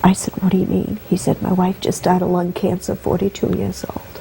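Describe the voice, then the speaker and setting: A woman's voice: lowish voice, completely flat delivery, brisk, gravelly, mellow, a little hiss or hum, low-quality recording. A woman guest telling an emotional personal story, her voice rising and catching with feeling. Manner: heartfelt, voice rising and breaking with emotion.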